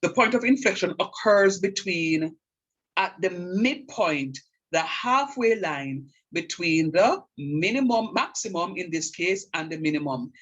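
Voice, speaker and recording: A man's voice: sits high, lively intonation, a little slow, a bit bright, dull audio. A middle-aged man teaching a calculus lecture, repeating key points with emphasis and checking that students follow. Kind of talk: classroom math lecture.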